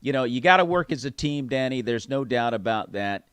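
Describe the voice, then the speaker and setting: A man's voice: mid-range voice, lively intonation, fairly quick, fairly bright tone, clean tone, no echo. A male host, talking casually and enthusiastically and often repeating his words. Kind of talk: conversational interview.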